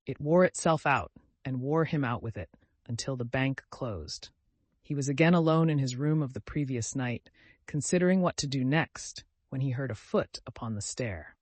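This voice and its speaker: A man narrating an audiobook in a measured, even delivery. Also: mid-range voice, no room sound.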